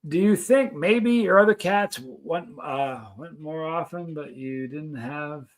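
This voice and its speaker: A man's voice: on the high side, takes it slowly. Chatty man hosting a live stream. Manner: rambling, chatty, reads viewer comments aloud. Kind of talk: casual live stream chat.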